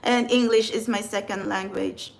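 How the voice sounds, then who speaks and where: A woman's voice: a little high, steady tone, normal speed. A woman from the Philippines with a Filipino accent, talking casually to camera as a tarot reader and spiritual channeler. She rambles earnestly and often restarts her sentences.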